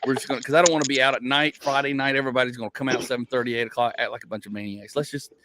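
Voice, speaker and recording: A man, a comedian and podcast host, telling a rambling story in casual chat. He laughs at his own stories and his voice jumps up in pitch. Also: fairly even intonation, racing, noisy background.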